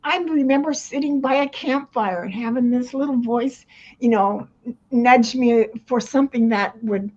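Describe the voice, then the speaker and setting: A woman's voice: on the high side, moderate pace, darkish tone. An older woman, a retirement coach, talking casually in an interview, rambling with many restarts and frequent laughs. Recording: dull lo-fi sound.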